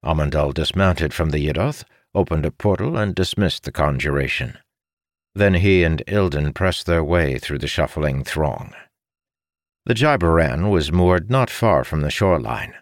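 A man narrating a fantasy audiobook in an expressive storytelling manner. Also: extremely low pitch, moderate pace, no echo, clean studio sound.

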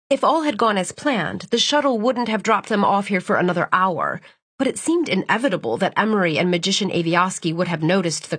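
A woman narrating a novel as an audiobook in a measured, even storytelling manner. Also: medium pitch, husky, no echo. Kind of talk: scripted narration.

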